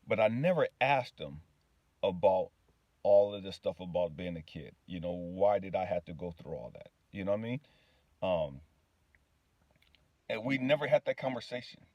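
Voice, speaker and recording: A man's voice: fairly low pitch, no room sound, muffled recording. Dry, close-sounding man telling his story. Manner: casual, often asks "you know what I mean", laughs easily. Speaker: spiritual healing vlogger. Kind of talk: personal storytelling monologue.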